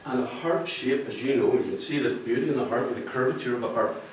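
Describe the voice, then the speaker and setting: A man's voice: medium pitch, a little fast, slight background noise. A man giving a jokey, rambling speech to an audience at a book launch. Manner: jokey, rambling, laughs at his own jokes. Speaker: book cover artist speaking at a launch. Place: function room with an audience. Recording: echoey room, distant mic.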